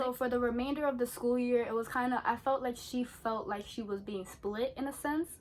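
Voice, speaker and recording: A young woman, chatting in an animated, slangy way as she tells a story during her skincare routine. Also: a little high, normal speed, hardly any pauses. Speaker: beauty vlogger.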